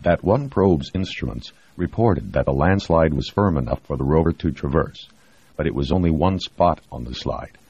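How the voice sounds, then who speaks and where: A man reading a novel aloud in a steady, measured scripted narration. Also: a bass voice, husky, no echo. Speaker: audiobook narrator. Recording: dry, dull lo-fi recording.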